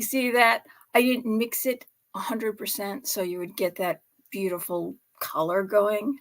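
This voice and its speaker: A woman's voice: mid-range voice, unhurried, hardly any pauses. A woman hosting a casual cooking vlog from her home set, chatty and full of laughs and exclamations. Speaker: host making drinks at home.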